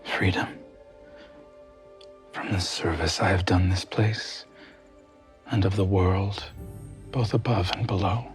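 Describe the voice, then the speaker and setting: A man voicing an ancient, solemn goddess queen of the underworld, speaking slowly and gravely in a tabletop game. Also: sits low, steady tone. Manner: slow, grave, measured speech. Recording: faint music underneath.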